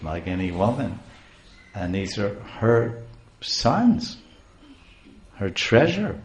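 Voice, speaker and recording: A man telling a scripture story in a lecture, chanting verses and chuckling as he explains, recorded in an echoey room. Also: mid-range voice. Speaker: speaker on scripture. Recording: roomy echo.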